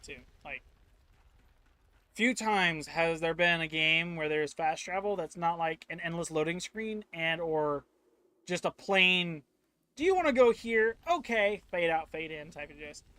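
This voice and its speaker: Chatty gamer with a bright voice. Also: male voice, on the high side, fairly even intonation, moderate pace, smooth, no room sound. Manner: chatty, rambling asides. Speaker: gaming streamer. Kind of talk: casual game commentary.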